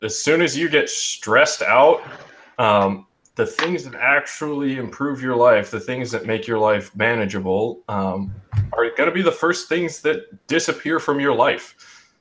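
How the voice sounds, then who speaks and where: A man's voice: mid-range voice, a little slow, fairly bright tone, a little hiss or hum. A young man hosting a casual online group discussion over a video call, reflective and full of ums and restarts. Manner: reflective, talks in restarts with um and you know. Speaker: host of an online group chat.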